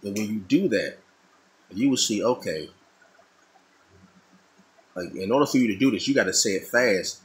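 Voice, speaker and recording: A man's voice: lowish voice, lively intonation, moderate pace, pauses often, rough recording. A middle-aged man talking casually and thoughtfully, often repeating and restarting his phrases. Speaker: artist talking while drawing. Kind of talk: casual monologue.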